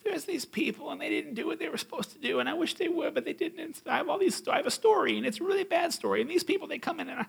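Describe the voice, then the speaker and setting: Brief: man putting on a whiny entitled teen, pitched way up, gravelly, self-pitying rant. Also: expressive, normal speed, long pauses, pushed and bright, exaggerated voice. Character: whiny entitled teenager full of excuses.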